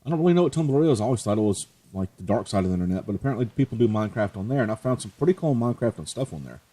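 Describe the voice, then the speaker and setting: A man's voice: lowish voice, lively intonation, rapid-fire, warm tone. A man hosting a let's play, chatting casually and joking at his own expense as he plays. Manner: chatty, joking, self-mocking. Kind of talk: casual gameplay commentary.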